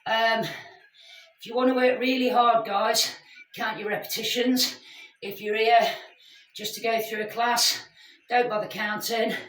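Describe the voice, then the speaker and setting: A woman's voice: on the high side, steady tone, measured pace, long pauses, fairly bright tone, slight background noise. A woman leading a live workout class, chatty and encouraging as she calls out exercises to her group. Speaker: fitness instructor. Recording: echoey room, mic at a distance.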